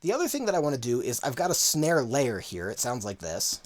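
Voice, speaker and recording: A man teaching audio mixing in a relaxed, conversational way, full of casual fillers. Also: medium pitch, fairly quick, over music. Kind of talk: casual tutorial walkthrough.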